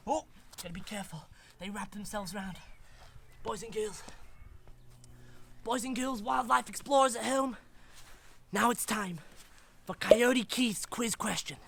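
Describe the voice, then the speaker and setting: A performer playing an excitable male wildlife presenter with a poor put-on Australian accent, filming outdoors in a back garden for a children's show. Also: mid-range voice, gravelly, slight background noise, full character voice. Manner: excitable, exclaiming, sudden shouts then hushed. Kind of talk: comic children's wildlife segment.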